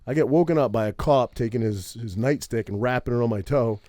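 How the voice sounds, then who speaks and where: A man's voice: medium pitch, fairly quick, no room sound, studio quality. A man telling a long story on a podcast in a casual, profane way, tagging his sentences with "right?". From Maine. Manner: profane, animated storytelling with many "right?" tags. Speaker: podcast co-host.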